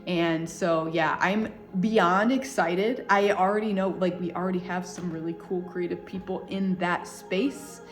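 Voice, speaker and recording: A woman's voice: fairly low pitch, fairly even intonation, a little slow, few pauses, faint music behind. A woman speaking as a spiritual coach in a casual, heartfelt monologue, effusive and full of loose filler words.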